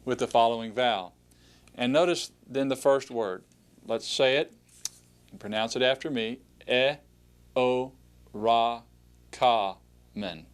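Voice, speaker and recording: A man teaching a recorded language lesson, patient and methodical, with frequent "uh" and "all right" and pauses for the listener to repeat after him. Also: mid-range voice. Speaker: Greek instructor.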